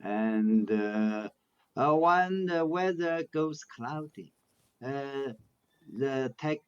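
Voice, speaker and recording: Slow, halting man on a dull line. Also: medium pitch, smooth. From China. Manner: halting, searching for words. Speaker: caller on a live stream. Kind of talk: casual chat.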